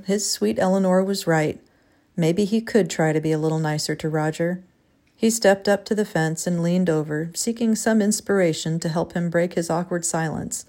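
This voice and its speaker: A woman with a fairly low voice reads a gentle storybook tale aloud. Her narration is measured and expressive. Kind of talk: scripted storytelling.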